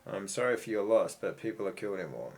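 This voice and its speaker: A man reading out his game hero's dialogue choices in a flat, matter-of-fact way. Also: fairly low pitch, quick pace. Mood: curt.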